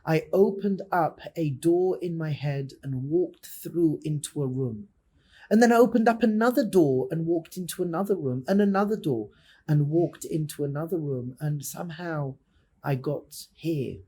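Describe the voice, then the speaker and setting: A man acting out a broken, pleading male disciple in a sermon story, halting and anxious. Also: on the high side, dark tone, husky.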